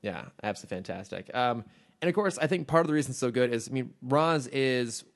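A man's voice: mid-range voice, expressive, quick pace. Rambling, enthusiastic male podcast host. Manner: chatty, enthusiastic, rambling with restarts. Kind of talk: casual chat.

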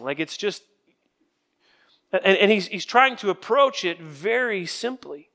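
High-pitched male pastor, casual group teaching with lively scripture readings. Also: moderate pace. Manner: conversational, asks the group questions. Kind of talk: sermon Bible study.

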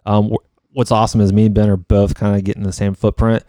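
Fast, heated male real estate agent, mellow voice, dry close mic, casual podcast chat. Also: lowish voice, little pitch movement, no room sound. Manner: fast, heated storytelling with frequent swearing.

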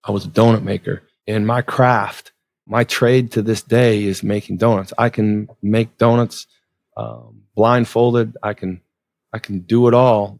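A man in his sixties, a guest on an interview show, telling a personal story with animated, dramatic delivery. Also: a little slow, creaky, no echo. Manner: animated storyteller, voice rising high in dramatic retelling.

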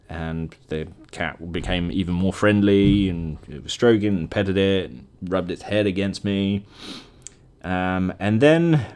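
A man's voice: low-pitched, darkish tone, smooth. A man hosting a podcast, casually retelling a dream in a rambling, chatty way and laughing at himself. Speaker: podcast host. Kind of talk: casual solo storytelling.

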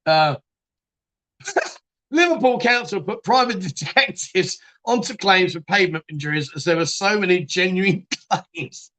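Expressive and speaking at a measured pace, this live chat show host reads viewer comments during a casual stream. His voice is bright and high, and he's talkative, laughing a lot and trailing off before restarting.

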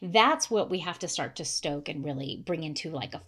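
A woman guest on a podcast, a coach who speaks emphatically and slows down to stress her points. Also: deep voice, animated, a bit bright, breathy edge. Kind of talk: casual conversation.

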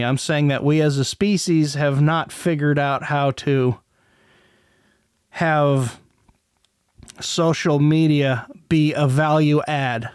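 Middle-aged male host, unhurried, smooth clear voice; rambling and profane. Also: fairly high pitch, a little mellow, dry recording, studio quality. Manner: rambling, profane, many restarts. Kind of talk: casual commentary monologue.

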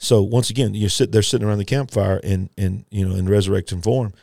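A man's voice: steady tone, fast talker, creaky, warm tone, dry recording, studio quality. A man preaching a sermon, emphatic and repetitive, talking folksy and straight to his listeners. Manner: emphatic, repetitive, rising to fervent pitch; folksy, addresses listeners directly.

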